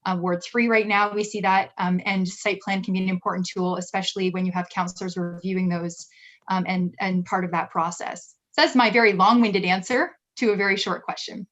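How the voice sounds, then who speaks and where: A woman city staff member answering questions at a council meeting in a measured, explanatory way. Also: medium pitch, fairly even intonation, a bit bright.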